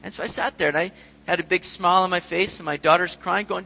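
A man's voice: high-pitched, fairly even intonation, fast, gravelly, bright, forceful tone, long reverb tail, low-quality recording. A middle-aged man preaching a sermon in an earnest way, sometimes acting out prayers and voices. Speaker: pastor.

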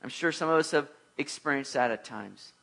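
A man preaching a sermon in a bright, forceful voice that sits a little high. He talks conversationally and jokes with his listeners, then climbs to emphatic exhortation. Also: brisk, vocal fry. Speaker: pastor.

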